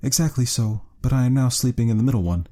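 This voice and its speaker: A man reading an audiobook, voicing an anxious young woman client in a high, breathless voice. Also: fast, dark tone, close to an everyday voice.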